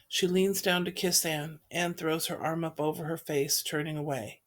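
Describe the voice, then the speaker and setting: A woman reading the stage directions of a play in an even, measured way. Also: deep voice. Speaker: reader.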